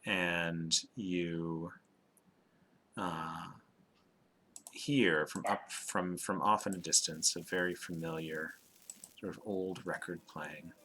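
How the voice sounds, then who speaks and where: A man narrating as game master, hesitant with fillers and slowing down for dramatic description. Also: sits low, fairly even intonation, sharp tone, a little hiss or hum.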